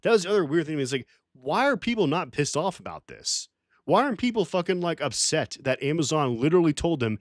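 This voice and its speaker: Heated, lively-voiced male streamer. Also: fairly high pitch, a little fast, dry recording, studio quality. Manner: profane, rambling, heated. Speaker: streamer reading live chat. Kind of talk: casual livestream rant.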